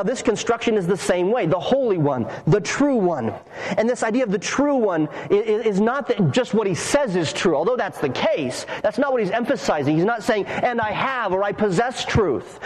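A man preaching a sermon to his congregation as their pastor, earnest and emphatic, with long pauses between phrases. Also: high-pitched, poor audio.

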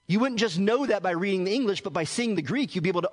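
A man's voice: sits high, lively intonation, fast talker. A man as pastor giving a teaching sermon, explaining earnestly and often restarting his words. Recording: hall reverb.

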